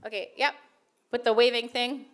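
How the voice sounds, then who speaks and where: A woman's voice: on the high side, steady tone, moderate pace. Chatty woman author at a fan Q&A. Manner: chatty, laughing, many fillers. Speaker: author answering fan questions. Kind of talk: casual Q&A on stage.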